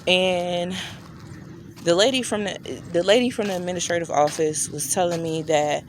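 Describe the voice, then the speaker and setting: A woman's voice: fairly even intonation, normal speed, slight background noise. A woman vlogger telling a personal story in a casual, chatty way, talking straight to her viewers and acting out the dialogue. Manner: chatty, addresses viewers directly; acts out quoted dialogue with shifting pitch.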